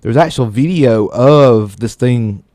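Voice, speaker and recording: A man's voice: medium pitch, slow pace, warm tone, dry recording, clean studio sound. A man co-hosting a radio tech show, reading news stories aloud and often tripping over words and joking about it. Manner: stumbles over words and laughs at himself. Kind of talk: casual radio news chat.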